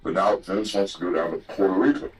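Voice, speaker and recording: Very deep-voiced older man telling yarns. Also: steady tone, quick pace, soft background music, rough recording. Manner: profane, rambling yarn-spinner. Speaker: guest telling old stories. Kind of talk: casual storytelling.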